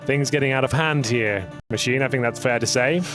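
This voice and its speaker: A man's voice: mid-range voice, fairly quick, music in the background. A man commentating a competitive esports match, calling the action with dry, teasing banter. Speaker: esports caster. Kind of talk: play-by-play commentary. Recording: broadcast mix with game sounds underneath.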